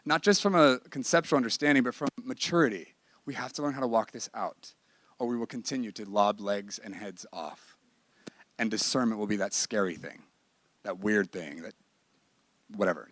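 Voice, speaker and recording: A man's voice: medium pitch, a little fast, a bit bright, no room sound. Dry, emphatic male ministry teacher. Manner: emphatic and candid, with bursts of laughter. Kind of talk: conversational sermon-style teaching.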